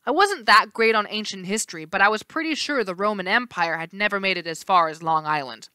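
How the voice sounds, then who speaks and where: Woman teacher, novel read-aloud, steady storytelling, clear resonant voice, dry sound. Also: medium pitch, a little fast, dry recording. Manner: steady storytelling with small slips and restarts.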